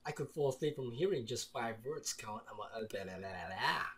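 A man's voice: mid-range voice, animated, fairly quick, fairly bright tone. A man from the Philippines playing a visual novel, reading its lines aloud with playful, jokey asides. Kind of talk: let's play commentary and narration.

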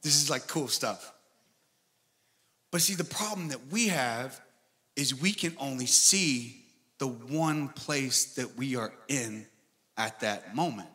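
A man preaching a sermon as pastor, animated and swinging between loud and soft delivery. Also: mid-range voice, slow pace, long pauses, husky. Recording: long hall reverb with faint music.

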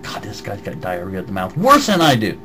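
A man's voice: on the low side, wildly swooping pitch, brisk, bright, forceful tone, slight background noise, low-quality recording. A man with a slight Southern American accent, ranting on a vlog and reading out comments in a heated, swearing voice. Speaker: vlogger. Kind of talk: angry vlog rant answering comments.

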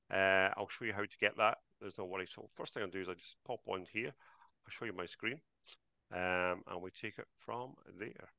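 A man's voice: medium pitch, pushed and bright, no room sound. A man hosting a live online trading class over a video call, chatty and greeting each attendee by name.

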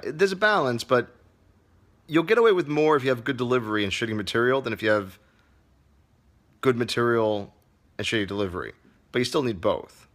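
A man's voice: mid-range voice, fairly bright tone. A man who teaches comedy, hosting a casual livestream Q&A, reading viewer comments aloud in a loose, profane way.

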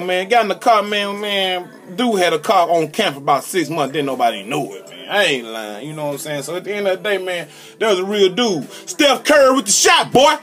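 A man, hosting a casual live radio show and shouting out his hype intros. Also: high-pitched, animated, a little fast, faint music behind. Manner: hyped, shouting call-outs and shout-outs. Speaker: radio host.

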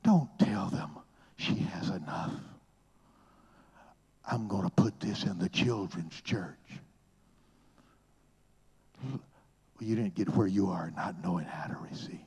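An older man preaching a sermon with a husky, breathy voice. He takes his time, drops into hushed whispers, then bursts into loud, high exclamations. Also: takes it slowly, long pauses.

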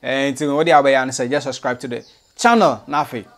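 A man's voice: medium pitch, fast, a bit bright. A Ghanaian man hosting an entertainment channel, chatting in a mix of Twi and English. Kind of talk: channel commentary.

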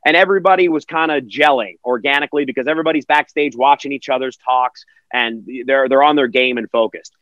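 A man's voice: medium pitch, quick pace, few pauses, fairly bright tone, no room sound, dull audio. A man who works as a virtual event host, answering interview questions energetically and acting out quotes in other voices.

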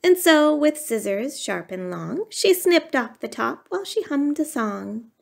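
A woman's voice: on the high side, gravelly. A woman reading a rhyming bedtime storybook aloud in a sing-song way.

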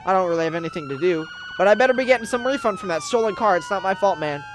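A man's voice: sits high, lively intonation, very fast, noisy background. A man giving roleplay gameplay commentary, dramatic and exasperated, with whiny pleading and complaints. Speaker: gaming YouTuber.

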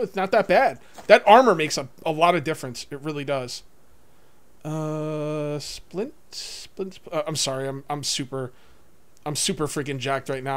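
Excitable high-voiced man gaming. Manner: excitable, talks to viewers, swings from muttering to whooping. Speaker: let's play gamer. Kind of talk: casual gameplay commentary.

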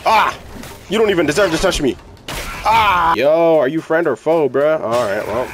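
A young man giving casual, excitable, slangy commentary while playing a video game. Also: on the high side, moderate pace, heavy background noise. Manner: excitable, yelling, slangy, hype. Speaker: gaming streamer.

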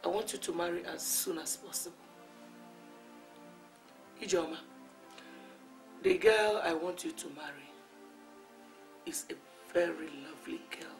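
A woman's voice: on the low side, measured pace, long pauses, low-quality recording. An actress playing a doting, pushy mother with a Nigerian accent, speaking in a film scene over music. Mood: insistent. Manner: insistent, matchmaking.

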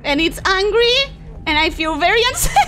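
Very high, bright-voiced woman streamer. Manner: excitable, swears freely and talks back to chat. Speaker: game streamer. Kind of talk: live gameplay commentary with chat replies.

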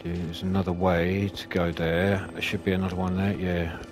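Gaming commentator, man, low voice, swears a lot and yells at the enemies, game music loud underneath. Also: moderate pace. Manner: sweary, excitable, talks to enemies. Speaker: gaming YouTuber. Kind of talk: let's play commentary.

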